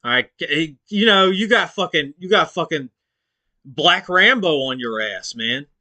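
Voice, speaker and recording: A man hosting a stream, giving loud, mocking reaction commentary full of swearing. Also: a little high, expressive, a little slow. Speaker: stream host.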